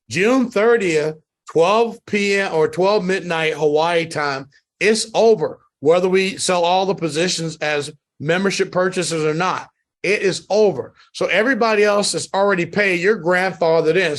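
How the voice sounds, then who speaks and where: Emphatic high-voiced man coaching sales. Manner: emphatic, repetitive motivational pitch. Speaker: network marketing trainer. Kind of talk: sales training call.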